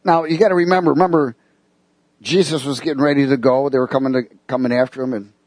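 A man's voice: mid-range voice, fairly even intonation, quick pace, a little mellow, no room sound. Casual dry-voiced male preacher. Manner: casual, conversational, asks the congregation questions. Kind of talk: sermon with scripture reading.

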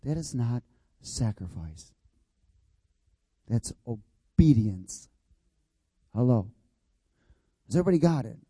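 A man's voice: medium pitch, lively intonation, takes it slowly, pauses often, dark tone, husky, no room sound. A man preaching a sermon in an emphatic, repetitive cadence, prompting the congregation to repeat his words and asking if everyone has got it. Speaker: pastor.

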